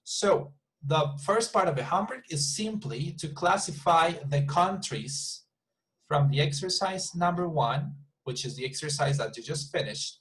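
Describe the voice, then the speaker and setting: Man, English teacher, patient, repeats himself, fairly high voice, video call. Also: animated, unhurried, a bit bright, low-quality recording. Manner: patient, repeats and restarts words while explaining. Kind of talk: online class instruction.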